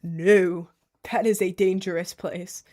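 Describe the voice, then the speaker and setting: A woman's voice: on the low side, takes it slowly. Chatty young woman livestreaming. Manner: rambling, animated, frequent "like" and laughs. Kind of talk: casual livestream chat reading viewers' messages.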